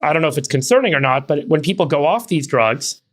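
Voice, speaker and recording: A man's voice: a little high, expressive, fast talker. Fluent man explaining on a podcast. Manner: fluent, repeats words while explaining. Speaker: podcast co-host.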